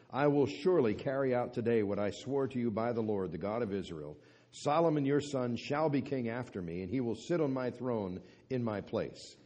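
A man reading a long scripture passage aloud and then leading a Bible study, with a measured reading manner and halting fillers when speaking freely. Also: medium pitch, mellow, breathy edge. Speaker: Bible teacher.

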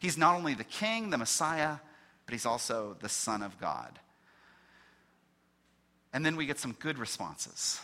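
A male pastor preaching with a lively, swooping delivery and a bright, forceful tone. He walks through scripture point by point, slowing for dramatic pauses and acting out the quoted lines. The feel is earnest, expository preaching. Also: medium pitch. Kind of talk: sermon.

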